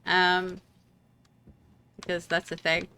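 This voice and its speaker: A woman's voice: on the low side, completely flat delivery, takes it slowly, bright, forceful tone, smooth. A woman streaming a game, chatting casually and rambling with many fillers and restarts. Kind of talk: casual gameplay chat.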